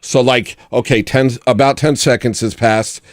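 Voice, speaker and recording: Deadpan rambling male livestream host. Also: mid-range voice, moderate pace, no echo, clean studio sound. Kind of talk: casual livestream chat.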